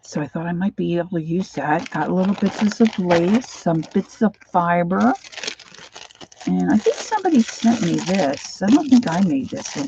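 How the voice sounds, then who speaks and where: A woman casually chatting through a craft livestream from her home craft room, rambling and sometimes dropping into soft whispered asides. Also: fairly low pitch, muffled recording, slight background noise.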